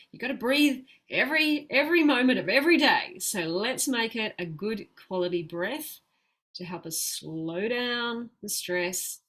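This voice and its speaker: Aussie lady health coach chatting on a livestream, mid-pitched voice, upbeat, laughs a lot. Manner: chatty and upbeat, laughs often, slows down for calm breathing advice. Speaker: plant-based health coach. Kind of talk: live-streamed coaching talk.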